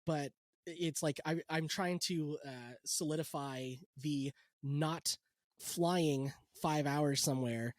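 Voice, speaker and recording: A man's voice: a little high, takes it slowly, dry recording, clean studio sound. A man from California, a guest musician in a casual podcast chat, rambling and joking with plenty of swearing. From Lodi, California. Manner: rambling, joking, swears, slips into goofy voices.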